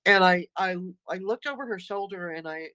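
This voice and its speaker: A woman's voice: lowish voice, normal speed, bright, forceful tone. A middle-aged woman, a mother, telling a personal story earnestly and acting out the quotes. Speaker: guest, mother of the other guest. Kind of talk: personal testimony.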